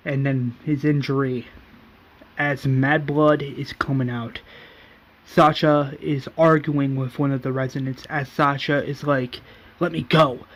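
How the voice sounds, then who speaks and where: A man casually recapping an episode as a YouTuber, linking events in a long run-on stream. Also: mid-range voice. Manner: run-on narration chaining events with "and then". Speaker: YouTuber recapping a fan series.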